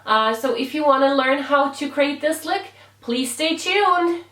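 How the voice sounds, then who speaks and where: Woman saying hi to her channel, high voice, roomy echo. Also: unhurried, fairly bright tone. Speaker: makeup channel host. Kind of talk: channel intro. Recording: echoey room, mic at a distance.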